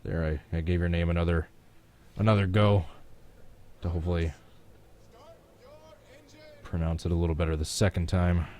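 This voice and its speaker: A man's voice: deep voice, little pitch movement, normal speed, long pauses, a little mellow. A man casually chatting at home while streaming a racing game, reacting to viewers and the action. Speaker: gaming live streamer. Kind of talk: casual live-stream commentary while playing a racing sim.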